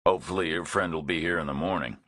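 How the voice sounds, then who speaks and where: A male narrator playing a big, laconic drifter who talks in a calm, dry, matter-of-fact way. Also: extremely low pitch, fast, breathy edge, dry recording, exaggerated voice.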